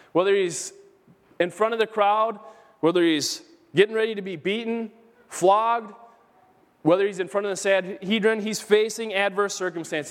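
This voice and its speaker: A man pastor preaching an earnest, emphatic sermon in a church, repeating key phrases for emphasis. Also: high-pitched. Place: church sanctuary. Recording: long hall reverb.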